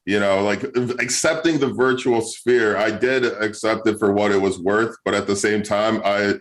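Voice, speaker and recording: Male stand-up, lower voice, sleepy laid-back delivery, lots of restarts. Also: steady tone, moderate pace, rough recording. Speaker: stand-up comedian. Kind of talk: stand-up set over video call.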